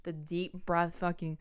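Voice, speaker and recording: A young woman hosting a podcast tells a storytime monologue about her personal breakup, emphatic and swearing a lot. She acts out quotes and even horn sounds. Her lowish voice is clear and resonant.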